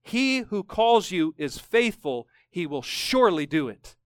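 A man preaching a sermon, emphatic and fervent, climbing to strong peaks and dropping low to close each point. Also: big pitch swings, a little slow, clear, resonant tone, no room sound. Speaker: pastor.

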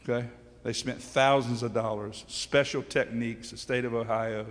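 A man's voice: medium pitch, fairly even intonation, normal speed. Emphatic preaching man in echoing hall. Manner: emphatic preaching with call-and-response questions. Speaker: pastor. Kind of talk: sermon. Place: church sanctuary. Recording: long hall reverb.

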